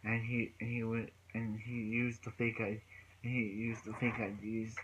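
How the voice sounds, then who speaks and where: A man's voice: fairly low pitch, flat delivery, moderate pace, background noise. A man recapping a TV episode in a casual, rambling way, restarting his sentences often. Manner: rambling retelling with many restarts. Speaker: TV show reviewer.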